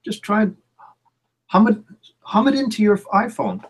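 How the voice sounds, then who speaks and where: A middle-aged man, a songwriter and producer, talking casually about songwriting, often repeating his words as he starts sentences over. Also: slightly rough. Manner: halting, repeats words, lively swings in pitch. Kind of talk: casual chat.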